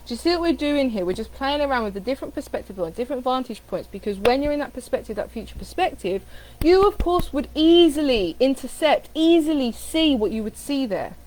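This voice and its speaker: Animated woman coaching. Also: high-pitched, fairly quick, slight background noise, low-quality recording. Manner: animated, repeats phrases with varied inflection. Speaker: spiritual coach. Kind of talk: casual coaching talk on affirmations.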